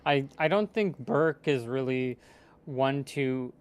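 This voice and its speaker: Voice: mid-range voice, takes it slowly, smooth. A player in a tabletop game who talks in a rambling, casual way and laughs often.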